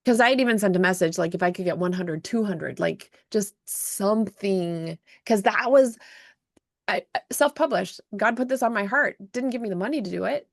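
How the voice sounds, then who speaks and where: A woman hosting a podcast, telling an emotional story in an animated way, with frequent restarts. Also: medium pitch, moderate pace, vocal fry, no echo, studio quality. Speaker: podcast host and self-published author. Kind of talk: casual storytelling chat.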